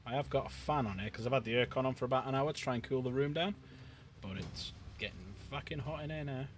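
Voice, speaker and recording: A man's voice: medium pitch, quick pace, slight background noise. A man chatting casually and swearing loosely while painting miniatures on a livestream, talking into a desk streaming mic.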